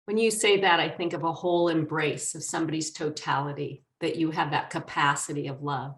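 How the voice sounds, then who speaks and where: A woman's voice: low-pitched, fairly even intonation, fairly bright tone. Affirming middle-aged woman host in a roomy echo. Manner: measured, affirming, drawn-out phrasing. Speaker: host, astrologer. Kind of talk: interview hosting.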